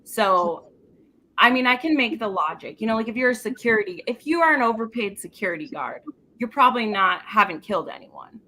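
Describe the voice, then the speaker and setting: A woman hosting a casual live book chat, talking animatedly in quick runs full of "like". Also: on the high side, animated, pushed and bright, rough recording. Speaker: book club host.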